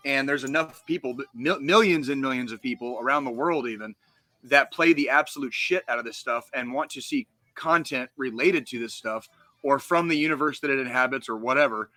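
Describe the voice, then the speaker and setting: A man's voice: medium pitch, a little fast, bright, forceful tone, dry recording. A man from the United States co-hosting a gaming podcast, ranting heatedly and swearing constantly in casual chat. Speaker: podcast co-host.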